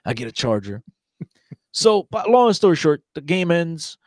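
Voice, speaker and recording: A man telling a story in casual chat, animated and laughing, acting out quotes from other people. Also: a little high, measured pace, no echo, clean studio sound. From New Jersey.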